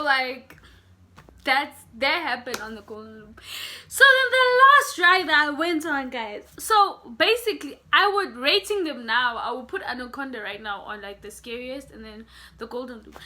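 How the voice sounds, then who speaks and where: Bright-voiced young woman telling a story. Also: high-pitched. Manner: animated, addresses viewers as guys. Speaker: vlogger. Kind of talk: casual storytelling to camera.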